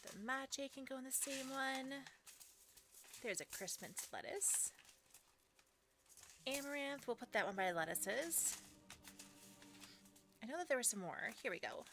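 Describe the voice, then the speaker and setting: A woman's voice: high voice, expressive, a little slow, pauses often, over music. A woman streaming casually, chatting and giggling while she sorts seeds and talks sweetly to her dog. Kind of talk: casual live-stream chat.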